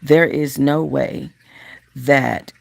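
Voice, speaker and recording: Super gravelly voice, chatty gossip streamer talking straight to the chat. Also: medium pitch, very slow. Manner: chatty, talks straight to viewers. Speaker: gossip channel host. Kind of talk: casual livestream commentary.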